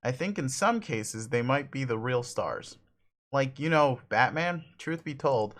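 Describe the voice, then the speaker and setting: A man's voice: medium pitch, fairly bright tone, lightly acted. A man voicing a chatty, upbeat young adventurer who rambles with old-fashioned words while reading a comic aloud.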